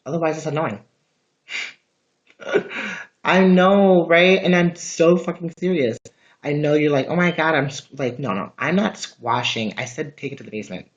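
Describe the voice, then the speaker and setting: A man's voice: fairly high pitch, measured pace, lo-fi sound. A man chatting casually on a livestream from his home, rambling and swearing often. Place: at home, indoors.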